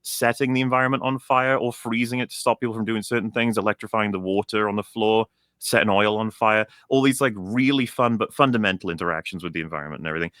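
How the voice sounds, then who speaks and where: A man's voice: on the low side, fast, a bit bright, no echo, studio quality. A young man ranting in a casual show chat, heated and profane, often restarting his sentences. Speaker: co-host.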